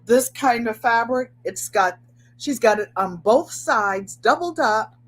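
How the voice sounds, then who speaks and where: Slow, husky older woman chatting. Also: fairly high pitch, animated, fairly bright tone. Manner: rambling and chatty, repeats phrases. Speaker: sewing and crafts channel host. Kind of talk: casual live chat.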